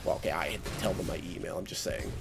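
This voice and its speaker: A man's voice: deep voice, very fast, gravelly, faint music behind. Exasperated young man ranting. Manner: exasperated, sarcastic, mimics voices in quotes. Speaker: vlogger. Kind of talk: casual rant.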